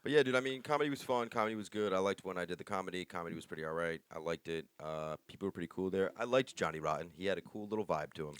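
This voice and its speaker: A young man co-hosting a podcast, telling stories fast and animated in casual chat, swearing freely. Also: low voice, smooth, dry recording. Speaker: podcast co-host.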